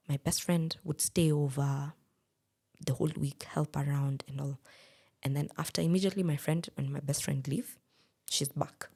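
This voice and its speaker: A woman's voice: sits low, creaky, a little mellow, breathy edge. A woman, speaking candidly as a guest and telling a personal story in a podcast interview. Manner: candid, plain-spoken.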